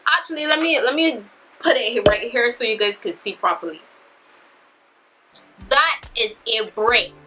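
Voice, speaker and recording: A woman in her twenties telling a story in a vlog, animated and dramatic, acting out what people said. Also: on the high side, normal speed, pauses often. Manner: animated, dramatic retelling with acted-out quotes. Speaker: vlogger.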